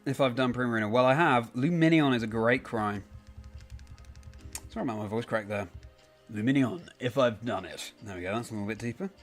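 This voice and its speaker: A young man chatters away on a live stream, talking viewers through what he is doing and stopping to fix his own explanations. His pitch sits in the middle range for a man. Soft game music plays faintly behind him. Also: fast talker. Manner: chatty, answers chat by name, rambling self-corrections. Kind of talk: casual live-stream chat.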